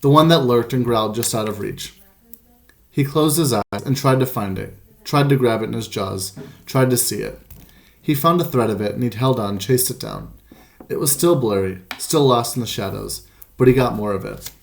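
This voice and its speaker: A man reading a children's storybook aloud as the narrator, in a measured, gentle way. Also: mid-range voice, gravelly. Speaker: audiobook narrator. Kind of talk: scripted narration.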